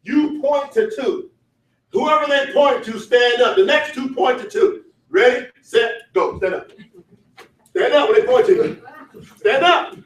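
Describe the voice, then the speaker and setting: A man leading a motivational sales training, shouting, laughing and getting the crowd to answer back. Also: extremely high pitch, measured pace. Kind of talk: motivational seminar talk. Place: large event hall. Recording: echoey hall, voice from far off.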